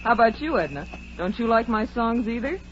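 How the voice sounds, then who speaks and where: A woman's voice: a little high, expressive, brisk, close to an everyday voice. An actress playing a brassy, wisecracking young woman in a 1940s radio drama. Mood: joking. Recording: dull old radio recording with faint noise.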